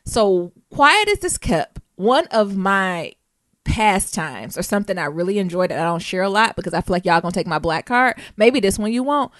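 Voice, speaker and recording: American woman co-hosting a podcast, slangy and animated, dry close sound, laughs a lot. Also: medium pitch, normal speed, no room sound. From United States. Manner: animated, slangy, laughs often, spells words out. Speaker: podcast co-host. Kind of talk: casual chat.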